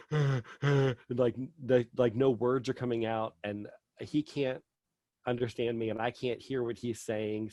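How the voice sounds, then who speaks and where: A man's voice: fairly low pitch, darkish tone, dry recording. A middle-aged man telling a personal story as a podcast guest, rambling with lots of fillers.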